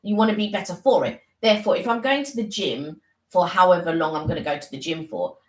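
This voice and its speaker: A woman's voice: on the low side, animated, quick pace, echoey room, low-quality recording. A woman co-hosting a casual live stream, talking earnestly and rambling with many restarts.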